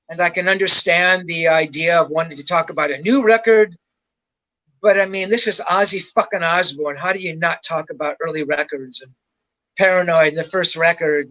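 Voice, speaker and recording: An older man with a high-pitched voice tells stories as a guest on a show. He rambles, swears casually and chuckles at his own tales. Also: bright, forceful tone, rough recording. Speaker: rock journalist guest. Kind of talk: casual anecdotal storytelling.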